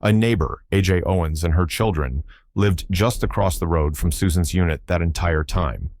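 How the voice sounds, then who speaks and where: A man reads documentary narration in a measured, explanatory way. His voice is very deep. The recording is dry and close. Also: darkish tone, dry recording. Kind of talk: scripted narration.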